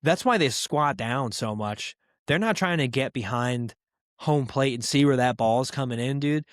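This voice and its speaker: A man hosting a comedy podcast, ranting in a crude, profane and animated way. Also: medium pitch, measured pace, dry recording, studio quality. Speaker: podcast host. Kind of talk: casual comedic rant.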